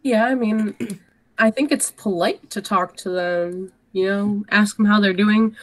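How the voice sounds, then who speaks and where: A woman's voice: medium pitch, unhurried. Hesitant, agreeable woman. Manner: agreeable, hesitant, restarts often. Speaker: podcast co-host. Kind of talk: casual chat.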